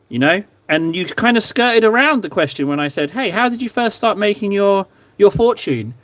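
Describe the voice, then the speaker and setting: A man's voice: high voice, lively intonation, normal speed, hardly any pauses, fairly bright tone. A young man hosting a livestream, chatting casually and teasing his viewers in a playful, joking way while he paints miniatures. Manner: playful, teasing banter with chat. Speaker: livestream host.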